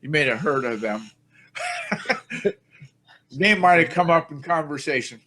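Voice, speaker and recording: A man's voice: fairly high pitch, animated, unhurried, bright, forceful tone. A man hosting a podcast in a rambling, chatty way, poking fun at himself as he goes. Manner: rambling, chatty, self-mocking. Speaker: podcast host. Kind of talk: casual podcast chat.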